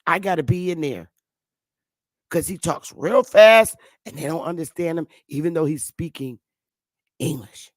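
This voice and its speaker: A woman's voice: deep voice, measured pace, no room sound. A woman in her fifties giving a casual, rambling monologue to her viewers, repeating herself and calling them sweetheart and love. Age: 50s. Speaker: channel host. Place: Connecticut.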